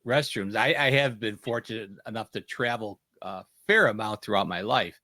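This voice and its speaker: A man's voice: fairly low pitch, moderate pace, no room sound. A man from the United States hosting a casual panel podcast, telling stories and acting out quoted lines. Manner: animated storyteller, acts out quotes. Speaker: podcast host.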